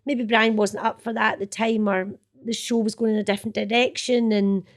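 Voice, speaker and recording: A woman's voice: medium pitch, level tone, fairly quick. A middle-aged woman with a Scottish accent, an actress chatting casually about her old work and laughing and swearing as she goes. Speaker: actress guest. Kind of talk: casual reminiscing chat.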